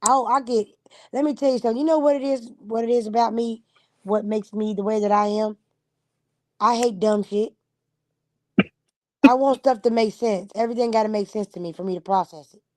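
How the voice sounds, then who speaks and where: A woman's voice: a little high, fairly even intonation, a little fast, long pauses, a little mellow, dry recording. Blunt, profane woman, dry sound. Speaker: livestream host. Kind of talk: casual chat on a livestream.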